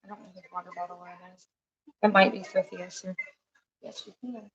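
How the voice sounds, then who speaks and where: A woman's voice: on the low side, fairly even intonation, a little fast, slightly rough, highs cut off. Chatty woman hosting a kitchen live stream. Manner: chatty and rambling, breaks off to talk to pets and family. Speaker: host of live cooking stream. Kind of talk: casual live-stream cooking chat. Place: home kitchen.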